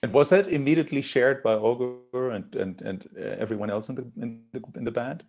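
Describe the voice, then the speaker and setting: A man's voice: mid-range voice, a little fast. A man asking questions in a casual interview, hesitant and searching for words.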